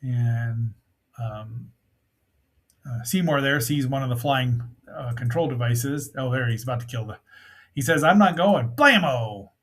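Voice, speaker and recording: A man's voice: medium pitch, a little slow, a bit bright. A man hosting a casual review of an old film, rambling and chatty with many fillers and asides. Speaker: movie reviewer host.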